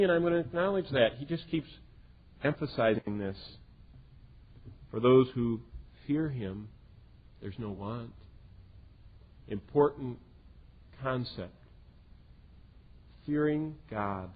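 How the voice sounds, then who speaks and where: A man preaching a sermon in an earnest way, swinging between loud emphasis and hushed quiet lines. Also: medium pitch, animated, unhurried, pauses often, breathy edge. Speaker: pastor. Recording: tinny lo-fi phone-like recording.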